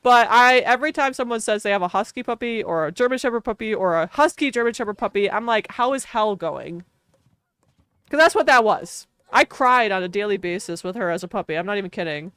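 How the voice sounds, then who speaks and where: A woman's voice: mid-range voice, quick pace, few pauses, fairly bright tone, clean tone, dry recording. A woman streamer telling a long casual story while gaming, chatty and full of fillers, laughing often.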